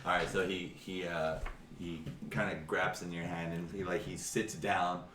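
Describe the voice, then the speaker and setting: Rambling low-voiced dungeon master, roomy. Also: male voice, flat delivery, fairly bright tone. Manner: rambling, halting, amused. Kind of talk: narrating a tabletop game. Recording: distant echoey room, noisy.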